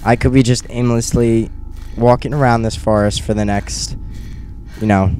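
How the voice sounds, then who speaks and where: A young man giving nervous let's play commentary on a horror game, muttering to himself and bursting into panicked yelps, recorded on a gaming headset in a dark room. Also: mid-range voice, steady tone, moderate pace, soft background music. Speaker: gamer.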